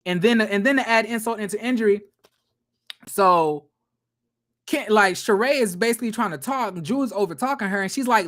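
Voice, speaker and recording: This man's voice sits high as he casually runs down a reality TV episode. Expect profanity, gossip and bluntness, delivered with animation and frequent laughs.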